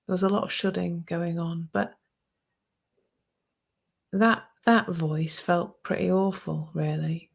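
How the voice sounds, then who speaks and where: Gravelly, husky woman in her fifties. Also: on the low side, steady tone, moderate pace. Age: 50s. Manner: soft-spoken and reflective, often dropping to a hushed near-whisper. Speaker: speaker sharing a personal reflection. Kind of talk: personal reflective talk.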